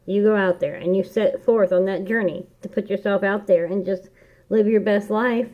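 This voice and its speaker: This woman reads tarot casually at a moderate pace, her medium-pitched voice holding a steady tone. She's earnest and encouraging, chanting key phrases like a mantra, in a dull lo-fi home recording.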